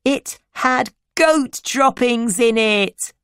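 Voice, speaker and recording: A reader voicing an eager little girl in a children's story, pitched far above the narration. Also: extremely slow, a bit bright, clear, resonant tone, dry recording, studio quality. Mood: excited. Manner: shrill and eager, much higher than the narration.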